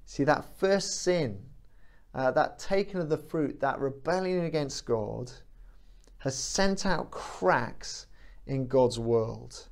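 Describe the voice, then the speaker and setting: Animated male preacher. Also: medium pitch, takes it slowly, gravelly. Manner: animated, rising to emphatic peaks with frequent fillers. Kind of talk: sermon.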